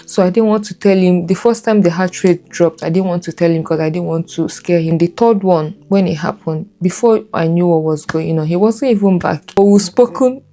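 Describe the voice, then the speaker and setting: A woman's voice: on the low side, moderate pace, few pauses, warm tone. A woman telling her own birth story in candid, earnest storytelling, repeating herself as she recalls it.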